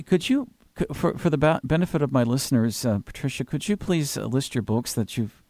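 A man's voice: medium pitch, lively intonation, fairly quick, darkish tone, no echo, studio quality. A man hosting a radio interview, encouraging his guest with brief affirmations and stammering restarts. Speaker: radio host.

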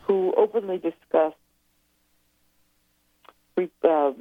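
A woman's voice: lowish voice, slow pace, dry recording. A woman guest author speaking casually in an interview, rambling and hesitant as she recalls things. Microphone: telephone. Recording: tinny phone line.

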